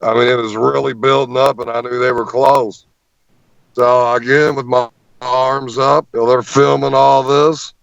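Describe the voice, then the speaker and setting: A man tells a story as an interview guest, animated and often stumbling over repeated words. His voice sits at an ordinary middle pitch. The sound is muffled and dry, with no room echo at all. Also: a little slow, creaky, smooth.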